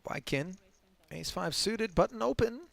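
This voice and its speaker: A man calls a high-stakes poker game and spins stories between hands, his pitch rising and falling with real animation. There's a gravelly fry at the bottom of his voice, and the sound is close and dry, with no room around it. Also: unhurried, no room sound. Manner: animated storyteller, laughs through anecdotes. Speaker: poker commentator. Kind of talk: live poker commentary and storytelling.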